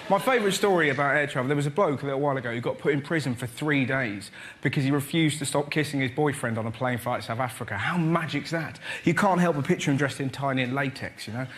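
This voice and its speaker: A young English man, a comedian on a panel show, telling cheeky stand-up stories to a studio audience and jumping into loud character voices. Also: medium pitch, fast. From England. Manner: cheeky, animated storytelling, jumps into shouted voices. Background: big laughing studio audience.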